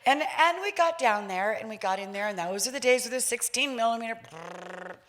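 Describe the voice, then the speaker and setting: A woman in her sixties giving a public talk, telling a personal story in an animated way and acting out voices with laughs. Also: on the high side, quick pace, slight background noise. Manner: lively, acts out voices, laughs while telling. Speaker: featured speaker.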